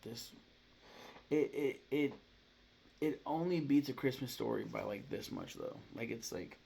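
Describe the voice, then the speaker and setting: A young man with a gravelly voice chatting casually to camera, rambling, swearing freely and acting out scenes in quick voices. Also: mid-range voice, lively intonation, dark tone. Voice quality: gravelly fry. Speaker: YouTuber ranking movies. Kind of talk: casual vlog chat to camera. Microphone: camera mic, talking to camera.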